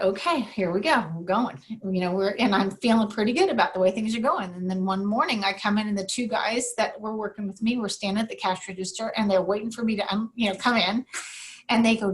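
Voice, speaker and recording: A middle-aged woman telling a family story as a podcast guest, acting out the voices of the people she quotes. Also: mid-range voice. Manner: animated storyteller who acts out quoted voices. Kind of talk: storytelling in an interview.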